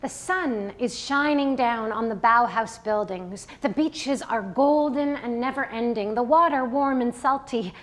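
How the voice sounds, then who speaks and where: Wistful woman with a light voice. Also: a little high. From Canada. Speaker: performer. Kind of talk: documentary stage play.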